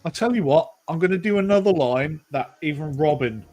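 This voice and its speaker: A man's voice: fairly high pitch, expressive, brisk, a little mellow, faint music behind. A man bantering with friends on a voice call, joking, swearing and teasing. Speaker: participant in a group voice chat.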